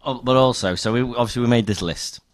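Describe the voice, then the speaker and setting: A young man from England co-hosting a podcast, chatting casually in a relaxed, matter-of-fact way. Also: mid-range voice, fast talker, no room sound, clean studio sound. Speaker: podcast co-host. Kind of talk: casual chat.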